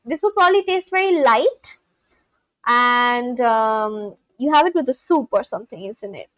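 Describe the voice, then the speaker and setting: A woman livestreaming in a casual chat, gushing excitedly and talking straight to her viewers. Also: fairly high pitch, measured pace, no room sound.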